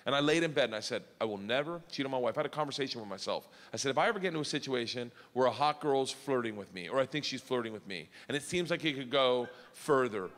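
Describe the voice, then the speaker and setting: A man telling a comic story, acting out voices with big jumps in pitch. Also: lively intonation, fast, few pauses, a bit bright. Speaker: storyteller guest. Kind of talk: comedic storytelling. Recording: long reverb, faint noise.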